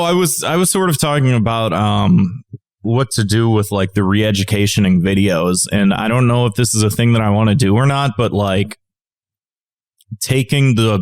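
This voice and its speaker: A man co-hosting a podcast in casual chat, rambling into exasperated, profane rants. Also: lowish voice. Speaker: podcast co-host.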